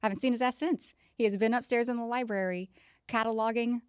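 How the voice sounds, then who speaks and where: A woman's voice: a little high, fairly even intonation, quick pace, clear, resonant tone, dry recording, studio quality. A woman, co-hosting a podcast and teasing her partner while laughing. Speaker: podcast co-host. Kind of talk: casual chat.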